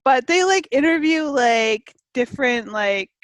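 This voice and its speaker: A woman's voice: high-pitched, animated, measured pace, no echo. A woman from Canada co-hosting a casual chat podcast, rambling cheerfully with lots of fillers and laughter. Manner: chatty, laughs often, many fillers. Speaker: podcast co-host.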